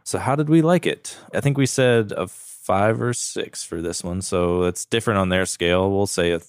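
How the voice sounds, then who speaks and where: A man's voice: sits low, normal speed, clean tone, no echo, studio quality. A man co-hosting a podcast, chatting casually and joking while he tastes and rates whiskey. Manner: relaxed, joking, rating whiskey aloud. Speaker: podcast co-host. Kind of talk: casual chat.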